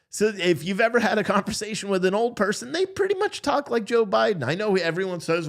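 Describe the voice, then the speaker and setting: A man's voice: high voice, brisk, few pauses. A man hosting a profane, sarcastic political commentary rant. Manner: animated, profane, sarcastic, mocking impressions.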